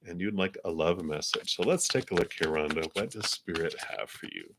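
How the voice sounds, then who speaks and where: A man giving live tarot card readings in a gentle, spiritual way, chuckling often and using many fillers. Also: low-pitched, fairly quick, background noise.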